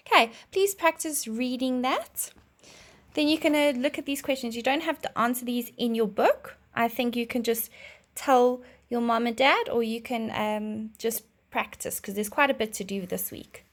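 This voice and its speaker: A woman teacher giving a reading lesson to young children, speaking clearly and reading a rhyme aloud with lively expression. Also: fairly high pitch, moderate pace.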